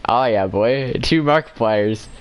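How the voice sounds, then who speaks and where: A man's voice: medium pitch, measured pace, smooth, poor audio. A man in casual chat with a friend while playing a game, rambling and correcting himself as he talks. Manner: rambling, self-correcting, laughs often. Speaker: gamer chatting with a friend.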